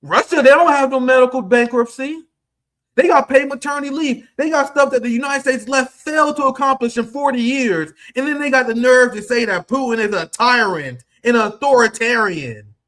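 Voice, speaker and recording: A man in his thirties giving heated, profane political commentary, with a combative, ranting delivery that swings between loud outbursts and low asides. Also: moderate pace. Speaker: political streamer.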